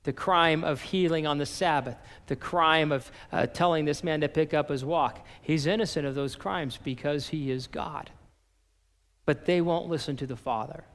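A man preaching a sermon as a pastor, reading and paraphrasing scripture with animated emphasis. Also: a little high, moderate pace, big-room sound.

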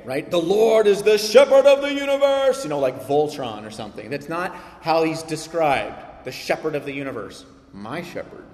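A man preaches a sermon in a reverberant church hall, his fairly high voice sounding a little distant from the mic. He reads scripture slowly and solemnly, then breaks into lively, animated asides aimed at the kids. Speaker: pastor.

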